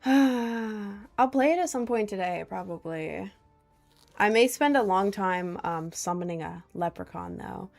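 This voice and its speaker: Young female streamer, mid-range pitch, vocal fry, loose and self-deprecating delivery. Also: expressive, unhurried. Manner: rambling, self-deprecating, giggly. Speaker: livestreamer reading chat. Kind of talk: casual livestream chat. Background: faint Celtic music.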